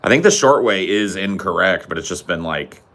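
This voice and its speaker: A man's voice: deep voice, lively intonation, normal speed, a bit bright. A man from the United States co-hosting a podcast, trading casual banter and ranting in a profane, teasing way. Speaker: podcast co-host.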